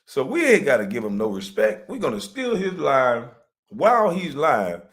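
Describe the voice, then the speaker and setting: Animated man ranting on a livestream. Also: mid-range voice, moderate pace. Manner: animated, laughing, mocking. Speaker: livestream host. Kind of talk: profane comedic rant.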